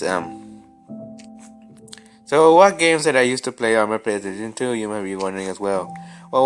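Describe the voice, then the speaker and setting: Young man, lowish voice, rambling gameplay chat, faint music behind. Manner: rambling, many restarts and stammers. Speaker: gaming vlogger. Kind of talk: casual chat while playing.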